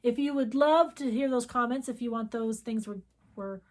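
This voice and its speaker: A woman's voice: fairly high pitch, normal speed. A middle-aged woman co-hosting a crafting channel, telling a story in casual chat and acting out the quoted dialogue. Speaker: co-host of a cross-stitch video channel.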